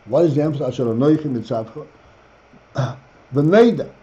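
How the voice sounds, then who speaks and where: A man teaching a Torah class as rabbi, reading phrases slowly and explaining them. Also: mid-range voice, mellow. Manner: reads Hebrew phrases slowly, then explains in English. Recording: dull lo-fi class recording.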